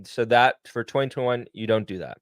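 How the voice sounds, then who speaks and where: A man co-hosting an investing livestream, calmly explaining and laughing at the chat. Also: medium pitch, brisk, smooth, no room sound, clean studio sound. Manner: amused, laughs often, reads chat aloud.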